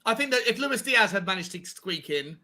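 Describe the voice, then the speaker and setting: A man co-hosting a live football watchalong chat in an excitable way. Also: high-pitched, a little fast, very noisy. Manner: excitable, laughs easily. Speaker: co-host.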